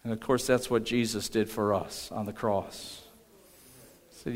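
A man's voice: fairly low pitch, steady tone, measured pace. A man preaching a sermon as pastor, emphatic and calling on the congregation to respond. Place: church sanctuary. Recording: echoey hall.

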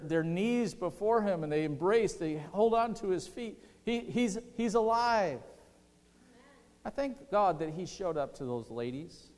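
Impassioned male pastor in a reverberant hall. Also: a little high. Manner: impassioned, swings between loud and hushed. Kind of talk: sermon.

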